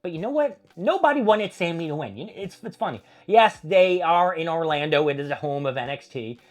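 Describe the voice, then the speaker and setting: A man's voice: on the high side, animated, fairly quick. A man hosting a casual wrestling recap, rambling and opinionated with plenty of swearing. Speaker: host.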